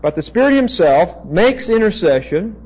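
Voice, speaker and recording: A man teaching a Bible passage as a preacher, slow and deliberate, pausing to spell out Greek words. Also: high voice, very animated, a little mellow, breathy edge, dull audio.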